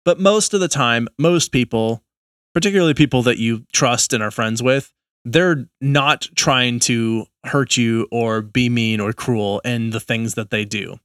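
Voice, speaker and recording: Guy co-hosting a chill podcast, explains stuff calmly, mid voice, dry close mic. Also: mid-range voice, measured pace, no room sound. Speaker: podcast co-host. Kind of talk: casual conversational podcast.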